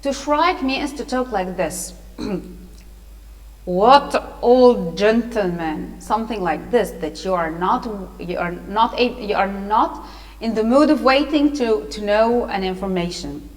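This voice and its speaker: A woman's voice: medium pitch, lively intonation, a little slow. A woman teacher reading a story aloud, explaining words and patiently asking pupils questions. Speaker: English teacher. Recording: long hall reverb.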